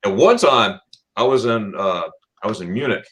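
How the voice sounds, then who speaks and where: A man's voice: on the low side, lively intonation, normal speed, fairly bright tone, low-quality recording. A man hosting a casual live-stream chat, stammering over his words, repeating himself and laughing often. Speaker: channel host.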